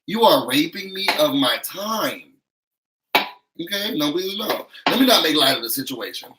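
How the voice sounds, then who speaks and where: A man giving an animated, sassy recap of a reality show, acting out what others said with emphatic asides to his viewers. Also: on the high side, moderate pace, heavy background noise. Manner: sassy, emphatic, acts out quotes. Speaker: YouTube reality-show reviewer.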